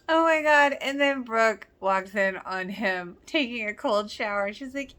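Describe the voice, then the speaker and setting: A woman's voice: fairly high pitch, lively intonation, slow pace, a bit bright. A woman hosting a rewatch reaction, talking casually, exclaiming often and quoting characters in passing. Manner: chatty, exclaims and laughs often, quotes characters.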